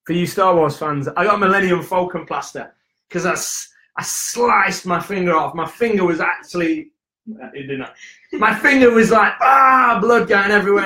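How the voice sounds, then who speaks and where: A young man from the UK chatting casually and hyperactively on a live stream, joking and telling quick stories. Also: high voice, pushed and bright, roomy sound. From United Kingdom. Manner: hyper, jokey, quick storytelling with acted voices. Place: indoor room at home.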